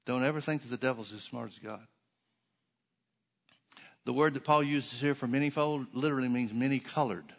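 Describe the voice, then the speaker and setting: A man's voice: mid-range voice, moderate pace, gravelly, pauses often, a bit bright. A man preaching a sermon as pastor, emphatic, with rhetorical questions and dry sarcastic asides.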